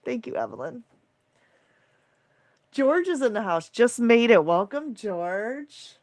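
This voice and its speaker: Tired, excitable woman livestream host. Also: fairly high pitch, takes it slowly, no echo. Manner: excitable, emotional, thanks viewers by name in a rush. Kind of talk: live-stream chat reading viewer comments.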